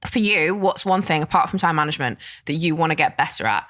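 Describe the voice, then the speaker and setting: A woman in her twenties who hosts a podcast and asks her guest questions in a quick, casual way. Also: sits low, expressive, fairly bright tone, no echo, studio quality. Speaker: podcast host. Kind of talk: casual interview chat.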